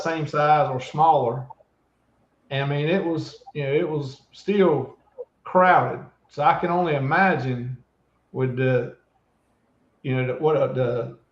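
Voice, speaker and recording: A man chatting on a livestream, talking haltingly with many ums and restarts. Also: a little high. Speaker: livestream guest. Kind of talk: casual chat. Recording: dull, roomy audio.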